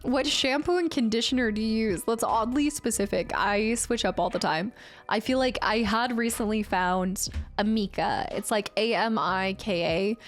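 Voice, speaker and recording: A woman's voice: medium pitch, normal speed, faint music behind. A young woman streamer chatting casually with her viewers, reading comments and laughing often. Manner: chatty, laughs often, answers chat by name. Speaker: game streamer.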